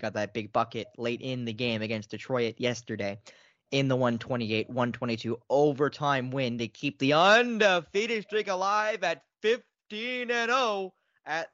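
A man co-hosting a casual sports podcast. He is excitable and repeats himself, and his pitch jumps a lot. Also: no room sound. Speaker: podcast co-host. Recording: dry, dull lo-fi sound.

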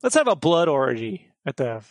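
A man's voice: a little high, big pitch swings, moderate pace, dry recording. A man chatting casually on a podcast about a movie, making wry, jokey asides. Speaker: podcast co-host. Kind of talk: casual movie recap chat.

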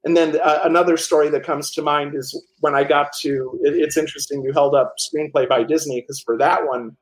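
A man telling animated stories as the author and guest in a casual interview, with many restarts. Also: on the high side, brisk, rough recording.

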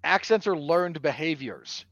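A man's voice: on the high side, a little slow, dry recording, lo-fi sound. A man co-hosting a casual film review podcast, arguing his points bluntly and critically. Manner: animated, bluntly critical, argumentative.

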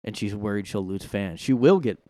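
A man's voice: lowish voice, animated, moderate pace, dark tone, no echo. Rambling sarcastic guy podcasting alone. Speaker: podcast host. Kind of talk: casual solo commentary. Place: his own room.

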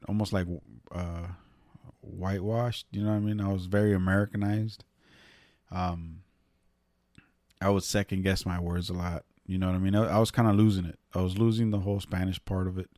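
A man's voice: deep voice, dark tone, no echo, clean studio sound. A man from Northern California telling a casual, rambling story, swearing freely and using many fillers.

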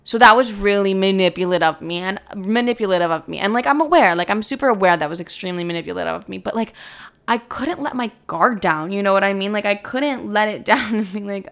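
A young woman telling a personal story casually, brash and profane, self-mocking, quoting people with lively energy. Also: medium pitch, quick pace.

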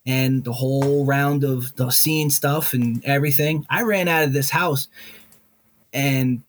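A middle-aged man telling a candid personal story as an interview guest, blunt and profane, with animated, restless storytelling. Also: medium pitch, a little slow.

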